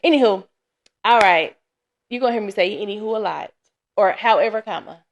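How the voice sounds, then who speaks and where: A woman's voice: mid-range voice, fairly quick. A woman hosting a casual solo podcast, chatty and candid, sounding tired and laughing often. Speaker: podcast host. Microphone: camera.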